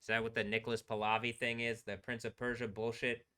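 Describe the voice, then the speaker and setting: A man's voice: medium pitch, level tone, fast, pushed and bright, clear, resonant tone. A man streaming alone, talking in a rambling, profane way and laughing between remarks. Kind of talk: rambling solo livestream talk. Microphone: computer microphone.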